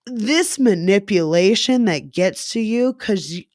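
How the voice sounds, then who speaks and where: Woman in her thirties, frank and profane, unhurried delivery, dry close sound, lots of "like". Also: mid-range voice, expressive, darkish tone, dry recording. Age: 30s. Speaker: storyteller. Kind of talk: candid personal story.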